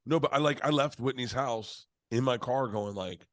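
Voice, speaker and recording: Animated storytelling man, dry sound. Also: medium pitch, moderate pace, dry recording. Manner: animated, profane, acts out quoted voices. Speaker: comedian being interviewed. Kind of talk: casual storytelling interview.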